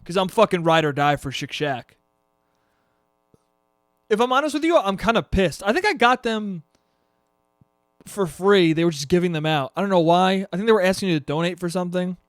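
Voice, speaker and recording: Young male podcast host, high-pitched, swears a lot, rambles and mocks himself, dry close recording. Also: expressive, normal speed, long pauses, no room sound. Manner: profane, rambling, self-mocking. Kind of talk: casual solo podcast chat.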